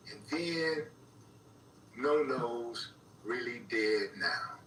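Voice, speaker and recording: A man's voice: medium pitch, animated, slow pace, fairly bright tone. A man commenting on an audio recording in a played clip, speaking to viewers and repeating the words he hears in it. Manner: talks to viewers, voices what he hears in the audio. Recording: echoey room from far off, faint noise.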